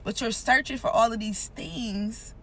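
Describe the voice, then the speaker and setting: A woman's voice: fairly high pitch, steady tone, unhurried, a bit bright, a little hiss or hum, poor audio. A woman giving an earnest, informal devotional teaching, repeating points for emphasis. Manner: earnest, repetitive, emphatic, conversational. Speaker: Christian content creator.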